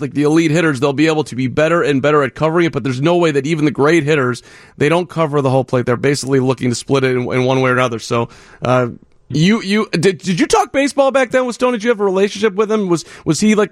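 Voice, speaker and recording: Fast-talking radio sports host. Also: male voice, fairly high pitch, no echo, clean studio sound. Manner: brisk, energetic host reading promos.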